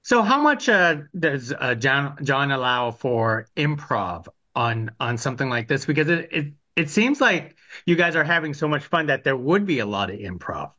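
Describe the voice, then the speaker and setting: Bright, lively interviewer on dull audio. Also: mid-range voice. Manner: halting, restarts questions. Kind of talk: interview questions.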